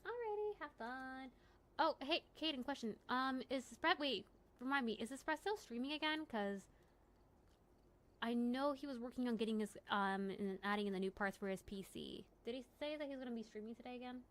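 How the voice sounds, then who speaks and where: A woman's voice: on the high side, fairly quick, fairly bright tone. A young woman hosting a late-night livestream from home, chatting casually and rambling with lots of "like" and "you know". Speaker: livestream host.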